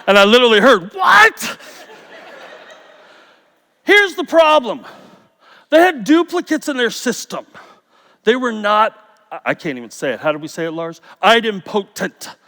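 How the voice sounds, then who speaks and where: A middle-aged man giving a conference talk, telling stories with jokes in an animated, playful way. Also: sits high, fairly quick. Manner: storytelling, jokey, animated. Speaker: conference speaker. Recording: reverberant hall.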